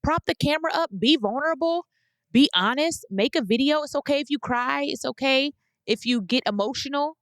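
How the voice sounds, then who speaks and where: A woman's voice: sits high, brisk, fairly bright tone, no room sound. A woman in her thirties hosting a podcast, giving blunt, emphatic advice in a casual monologue and repeating phrases for weight. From United States. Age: 30s. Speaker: podcast host.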